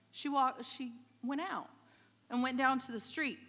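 Woman preaching in a big echoey church, bright sharp voice, slow and storytelling, keeps asking okay?. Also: fairly high pitch. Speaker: pastor's wife preaching. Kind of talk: sermon. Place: church sanctuary.

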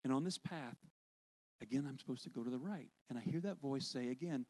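A worship leader preaching with lively, conversational storytelling. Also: male voice, mid-range voice, brisk. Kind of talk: sermon storytelling.

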